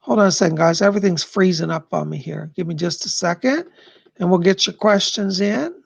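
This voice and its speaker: Gravelly man giving psychic readings. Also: sits high, brisk, highs cut off. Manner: chatty, rambling, repeats "she said". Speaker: psychic livestream host. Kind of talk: live-stream psychic readings.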